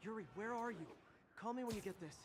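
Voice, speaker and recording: A man's voice: sits high, quick pace, background noise, close to an everyday voice. An actor voicing a wisecracking young male superhero in a video game, quippy and taunting between fights. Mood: worried. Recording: game audio under loud music.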